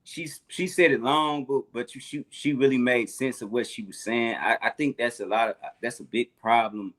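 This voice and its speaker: A man's voice: medium pitch, fairly even intonation, normal speed, a bit bright. A man on a podcast panel, speaking hesitantly with stammers and restarts. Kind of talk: casual podcast discussion.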